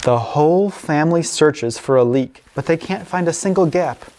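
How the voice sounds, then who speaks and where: A woman librarian reading picture books aloud at a family story time, expressive and warm. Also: low-pitched, moderate pace. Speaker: children's librarian.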